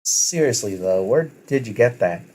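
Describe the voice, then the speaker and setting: A man's voice: fairly low pitch, lively intonation, moderate pace, darkish tone. A man voicing a playful, teasing young woman in an amateur story reading.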